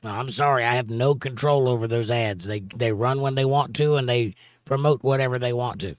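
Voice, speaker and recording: A man hosts a casual livestream, reading out viewer chat messages and answering them in a steady, conversational way. His voice sits at an ordinary middle pitch, and the recording is close and dry with no room sound. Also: normal speed, no echo. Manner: reads viewer comments aloud in a steady conversational drawl.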